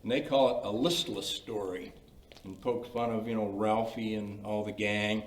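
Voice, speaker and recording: This older man's voice is fairly low, with fairly even intonation and a moderate pace. Leading a creative writing workshop in a library meeting room, he chats in a folksy way, trading anecdotes and saying "you know" a lot as he lectures informally. There's slight background noise, and the distant mic makes it sound roomy.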